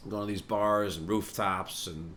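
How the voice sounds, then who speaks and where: A man hosting a podcast, rambling through a comic monologue with lots of swearing and quiet chuckles. His voice sits on the low side, and a faint hum lies under the recording. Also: fairly even intonation, unhurried. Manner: profane, meandering, chuckling asides. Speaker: podcast host and musician.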